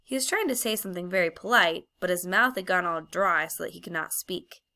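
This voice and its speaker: A woman reading a children's fantasy novel aloud as an audiobook narrator, measured and expressive. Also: fairly low pitch. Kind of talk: storybook narration.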